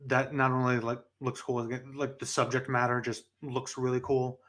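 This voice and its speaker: A man's voice: mid-range voice, little pitch movement, moderate pace, a bit bright. Rambling podcast guy from New York. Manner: rambling, trails off and corrects himself. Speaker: podcast co-host. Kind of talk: casual chat.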